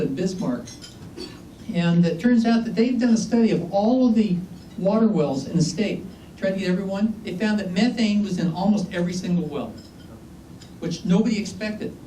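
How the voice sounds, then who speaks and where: Man, geology lecturer, joking and conversational, higher-pitched voice, distant mic in an echoey room with faint hiss. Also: mellow. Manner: chatty, joking, asks the audience questions. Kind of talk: informal lecture with anecdotes.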